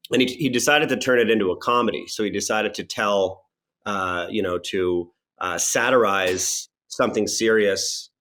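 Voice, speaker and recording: Man, podcast guest, actor and comedian, fairly low voice, lively storyteller, frequent restarts. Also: unhurried. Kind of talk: casual podcast interview.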